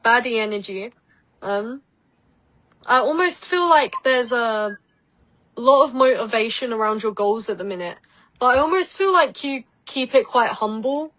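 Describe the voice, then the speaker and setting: A woman's voice: a little high, lively intonation, unhurried, a bit bright, rough recording. A woman with an Essex English accent, a psychic guest chatting casually on a podcast and giving tarot readings with lots of "like" and "um". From Essex, England. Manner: chatty, laughs easily, many "like" and "um" fillers.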